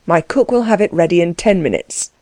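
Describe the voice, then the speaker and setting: A composed, dry-witted gentleman, measured and faintly ironic, voiced by a woman reading a story aloud. The tone is mellow and soft-edged, and the sound is dry and close. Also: lowish voice, animated, no echo, lightly acted. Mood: kindly. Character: calm, dry-witted gentleman, kindly and unflappable. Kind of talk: audiobook character voice.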